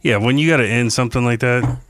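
A man's voice: mid-range voice, quick pace, fairly bright tone. A man co-hosting a call-in radio show, chatting casually and chiming in with agreement. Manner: laid-back, chimes in with agreement.

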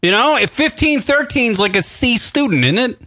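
A man's voice: very high voice, animated, moderate pace. A man hosting a radio talk show, cursing and laughing as he rants in crude, casual banter. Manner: profane, laughing, rants loudly.

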